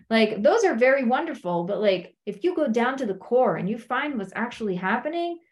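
A woman, married, teaching a self-inquiry method in a conversational way, often asking "right?" and acting out quoted lines. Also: a little high. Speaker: coach.

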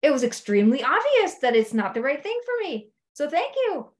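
A woman coach telling stories from her clients in an animated, conversational way, often checking in with her listeners. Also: sits high, moderate pace. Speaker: life coach. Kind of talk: storytelling coaching talk.

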